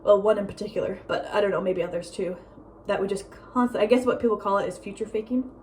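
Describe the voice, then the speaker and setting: A young woman vlogging at home in a casual, rambling chat, full of "like" and "um" and quick laughs. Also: medium pitch, slight background noise. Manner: rambling, lots of "like" and "um", laughs often; breezy, drifts between loud and soft. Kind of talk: casual chatty vlog monologue.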